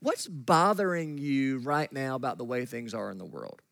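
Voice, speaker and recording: A man preaching a sermon as pastor, animated and acting out the voices of the people in his story. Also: mid-range voice, moderate pace, vocal fry, no room sound. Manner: animated, acts out quoted voices of God and Gideon. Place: church sanctuary.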